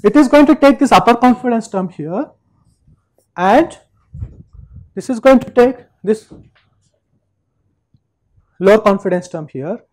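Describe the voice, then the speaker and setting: A male university lecturer explaining step by step, checking in with listeners and pausing on fillers. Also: high voice, lively intonation, a little mellow, poor audio. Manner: explains step by step, frequent "right?" and "uh".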